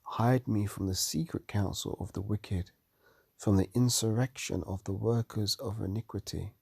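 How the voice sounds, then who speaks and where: Tired man reading scripture in a husky voice. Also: fairly low pitch, fairly even intonation, darkish tone, no echo, clean studio sound. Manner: reads verses aloud and comments slowly. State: tired, yawning late at night. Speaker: Bible teacher. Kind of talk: scripture study talk.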